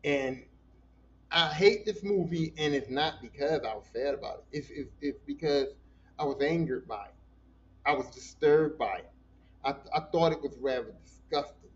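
A man's voice: a little high, moderate pace, a little hiss or hum. A man hosting a podcast in a casual monologue, talking bluntly and profanely, with many repeated words. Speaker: podcast host. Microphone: voice message. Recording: dull lo-fi podcast audio.

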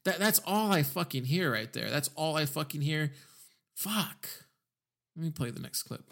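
A man's voice: on the high side, lively intonation, moderate pace, vocal fry, a bit bright. A podcast host, a man, delivering a heated, sarcastic, profane rant as commentary.

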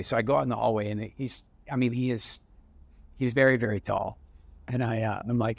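A middle-aged man, an entrepreneur guest, telling stories in a casual, animated way with frequent restarts and acted-out dialogue. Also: medium pitch, a little fast, gravelly. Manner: animated storyteller with many restarts, acting out dialogue. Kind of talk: casual storytelling interview.

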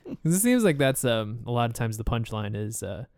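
A man's voice: medium pitch, very animated, moderate pace, a little mellow, no echo, clean studio sound. A man co-hosting a podcast, laid-back and giving short replies. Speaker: podcast co-host. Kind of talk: casual chat.

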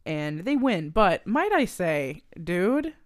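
A woman's voice: fairly low pitch, very animated, takes it slowly, dry recording, clean studio sound. A woman co-hosting a podcast, recapping a film with lots of swearing and emphatic quoted lines. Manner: profane, emphatic, quotes characters. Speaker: podcast co-host. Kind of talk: casual movie recap chat.

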